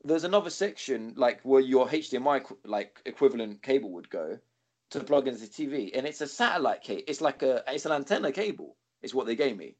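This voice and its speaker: A man, co-hosting a podcast, telling a rambling, sweary story with animated quoting. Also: medium pitch, brisk. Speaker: podcast co-host. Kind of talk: casual storytelling chat.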